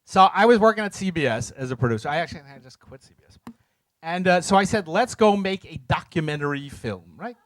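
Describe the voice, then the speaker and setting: Middle-aged guy telling a story to a crowd, high lively voice, does the voices and sound effects himself, dry close sound. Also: fast talker, dry recording. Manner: animated, acts out voices and sounds in his stories; self-mocking, jokes with the audience. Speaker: speaker telling a story to an audience. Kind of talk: lively storytelling talk to a live audience.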